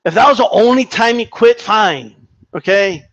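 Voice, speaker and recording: Heated, profane man ranting, high voice. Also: animated, moderate pace, a bit bright, no echo, muffled recording. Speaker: boxing commentator reading chat. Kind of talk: casual live-stream rant.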